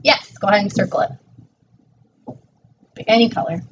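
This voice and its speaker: A woman teacher tutors a child one-on-one, patiently encouraging and praising every answer. She speaks at a moderate pace in a medium-pitched voice. The mic sounds distant and dull, with faint noise.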